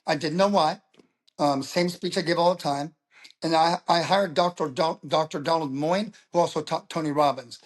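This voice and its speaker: A middle-aged man, a public speaker, talking as an interview guest and telling stories in a lively way. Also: on the high side, moderate pace. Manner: animated storyteller who acts out quoted voices. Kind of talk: casual interview talk.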